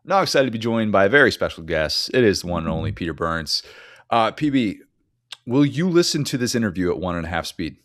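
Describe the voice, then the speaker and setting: A man hosting a sports podcast, speaking at a deliberate, measured pace in casual chat. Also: fairly low pitch, sing-song, a bit bright, no echo, studio quality. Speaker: podcast host.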